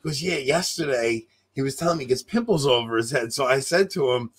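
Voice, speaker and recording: A man co-hosting a casual livestream chat, loud and often laughing as he tells stories into a close desk mic. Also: medium pitch, animated, fast talker, few pauses, slightly rough. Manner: loud, laughs a lot while telling stories. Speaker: podcast co-host. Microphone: desk mic close to face.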